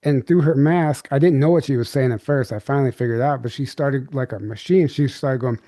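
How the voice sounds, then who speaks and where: A man speaking as an interview guest, winding through a story with lots of fillers and false starts. His voice is mellow and dark in tone. The sound is dry and close, with no room around it. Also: mid-range voice, a little fast, hardly any pauses, no room sound. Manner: rambling, filler-heavy recounting with many restarts. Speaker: podcast guest. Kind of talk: candid storytelling.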